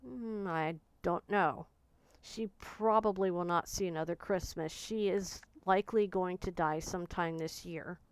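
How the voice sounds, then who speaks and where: A woman in her forties with a smooth, resonant voice speaks in a personal reflective monologue. She talks softly and searchingly, often stopping to restart a thought. The sound is close and dry, with no room echo. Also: on the low side. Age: 40s. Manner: soft, searching, halting speech with frequent restarts. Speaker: vlogger.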